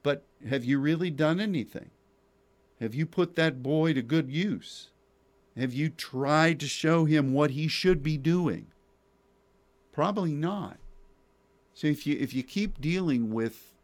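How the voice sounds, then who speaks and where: A man hosting Christian radio talk, preaching emphatically with rhetorical questions and repeated words. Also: fairly high pitch.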